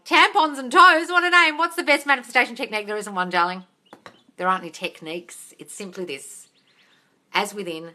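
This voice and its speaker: A woman's voice: lowish voice, sharp tone. A woman from Australia who hosts a casual live-stream Q&A, reading out viewers' comments and answering them bluntly, with plenty of swearing. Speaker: manifestation coach answering live questions. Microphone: phone.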